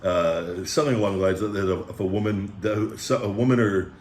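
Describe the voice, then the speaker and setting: A man's voice: lowish voice, brisk, echoey room, slight background noise. A man hosting a food review vlog at home, talking in a rambling, laid-back way and calling himself the big guy. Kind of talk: casual chat. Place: home room with pet dogs.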